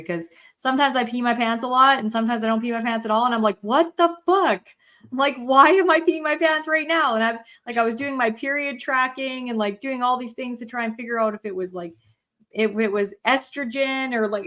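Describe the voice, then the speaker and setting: A woman's voice: fairly high pitch, sharp tone. A woman co-hosting a casual chat, speaking frankly with lots of fillers and the odd swear. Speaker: co-host.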